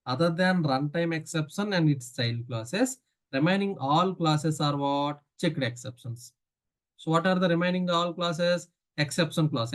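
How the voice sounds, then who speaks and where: A man with an Indian English accent teaching a live online programming class, asking questions and answering them himself. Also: fairly high pitch. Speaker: programming instructor.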